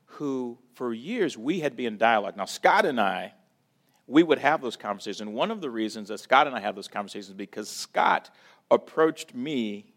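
A man giving a church talk, telling a personal story in a preaching style and acting out quoted voices, loud one moment and hushed the next. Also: mid-range voice.

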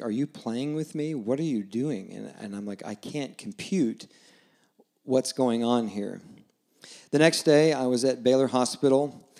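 A man in his forties, a guest preacher, telling a personal story in a conversational sermon and dropping low and soft when he quotes scripture. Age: 40s.

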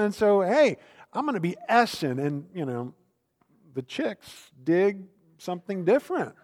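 A man in his fifties preaching a sermon, mixing scripture reading with relaxed, self-deprecating stories told in a conversational way. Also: high-pitched, unhurried, in a large hall. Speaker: pastor.

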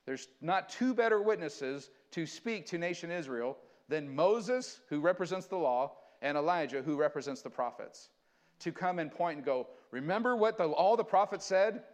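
Male pastor, slightly high voice, earnest sermon delivery with dramatic scripture readings. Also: lively intonation, moderate pace.

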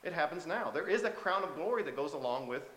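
A man's voice: a little high, expressive, fast, fairly bright tone, roomy sound. A male preacher giving a sermon in a conversational way, often asking the congregation questions. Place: church sanctuary.

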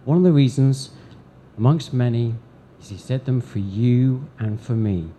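A man preaching a sermon to a congregation in church, deliberate, with dramatic pauses and emphatic swells. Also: mid-range voice, dark tone, slight background noise. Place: church service before a congregation.

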